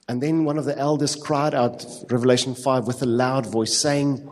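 Fervent South African preacher in reverberant hall. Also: male voice, medium pitch, steady tone. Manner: fervent, repetitive preaching with quick asides. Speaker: pastor. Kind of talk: sermon. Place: church hall. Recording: long reverb of a church hall.

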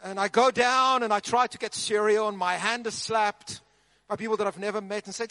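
High, bright preacher. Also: male voice, fairly quick, no echo. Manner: animated, humorous storytelling. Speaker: pastor. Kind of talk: sermon.

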